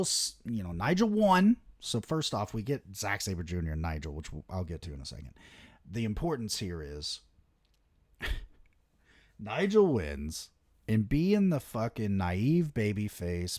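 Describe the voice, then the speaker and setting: A young man hosting a wrestling show, ranting excitedly in casual solo commentary with lots of swearing. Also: lowish voice, a little slow, no room sound, clean studio sound. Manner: excitable, heavy swearing, animated rants.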